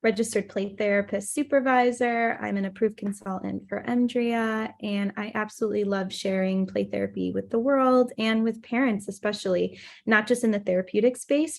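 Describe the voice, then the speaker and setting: Animated gravelly woman telling a story. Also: medium pitch, moderate pace, hardly any pauses. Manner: animated storytelling, acts out quotes. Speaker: play therapist guest. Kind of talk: storytelling in a podcast interview.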